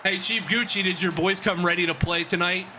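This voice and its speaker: A man giving excited play-by-play commentary on a football video game he is playing, shouting and laughing. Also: high-pitched, a little fast, a little hiss or hum. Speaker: game streamer.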